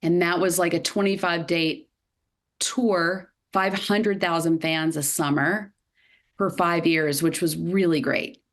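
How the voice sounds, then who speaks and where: A woman in her fifties with a Southern US accent, a podcast guest telling her career story in a lively way with many fillers. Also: on the low side, slow pace. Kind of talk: podcast interview.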